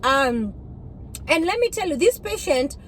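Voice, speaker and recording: Animated high-voiced African woman vlogging from her car. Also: measured pace, poor audio. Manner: animated, chatty storytelling with frequent laughs. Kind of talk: casual chat while driving. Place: inside a car, driving. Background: faint road and car noise.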